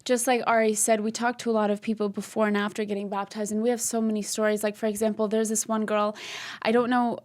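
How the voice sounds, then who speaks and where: A woman's voice: mid-range voice, quick pace. A young woman co-hosting a casual faith podcast, telling stories animatedly and acting out what others said. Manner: animated storyteller, acts out quotes. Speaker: podcast co-host.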